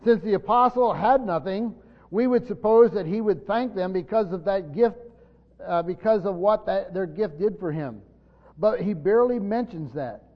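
A man teaches a Bible passage from a church pulpit, stumbling over his words and then pressing hard on the points he wants to land. His voice sits high. The recording sounds dull and muffled, with a long reverb trailing off the hall walls. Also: normal speed. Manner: stumbling restarts, emphatic rises on key points. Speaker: pastor.

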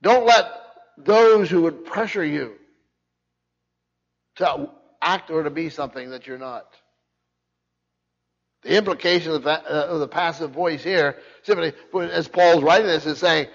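Emphatic preacher in an echoing hall. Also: male voice, a little high, unhurried, vocal fry, pauses often. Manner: emphatic, repeats key phrases, frequent restarts. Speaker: pastor. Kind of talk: expository sermon. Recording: muffled sound with long hall reverb.

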